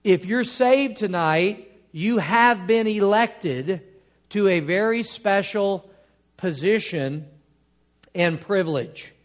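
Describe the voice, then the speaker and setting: High-voiced preaching pastor, emphatic. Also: male voice. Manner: preaching with rising emphatic bursts and drawn-out key words; quotes scripture in old King James wording. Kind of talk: sermon.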